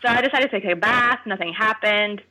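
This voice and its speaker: A woman from Canada tells a story as a guest in a casual podcast chat. Her voice is bright and forward, with a middle pitch. She tells it in an animated way and often laughs as she goes. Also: a little fast, low-quality recording.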